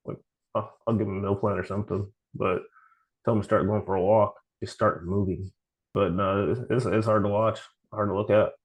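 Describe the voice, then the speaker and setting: Low-voiced guy on a podcast, casual storytelling, keeps quoting people, lots of restarts. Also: fairly even intonation, fairly quick, low-quality recording. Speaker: podcast host. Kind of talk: casual chat.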